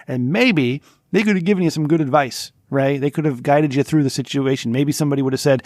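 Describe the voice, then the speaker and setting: A man's voice: fairly high pitch, a little fast, a little mellow, no echo, studio quality. A man co-hosting a casual podcast, lecturing his co-host in a mock-stern tone and repeating his name as he hands out advice.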